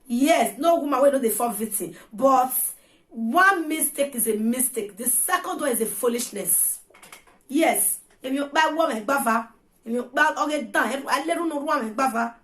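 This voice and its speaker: Scolding Nigerian woman, high voice. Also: a bit bright. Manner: scolding, preachy and repetitive; mixes Pidgin and Yoruba into her English. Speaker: vlogger. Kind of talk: ranting vlog monologue.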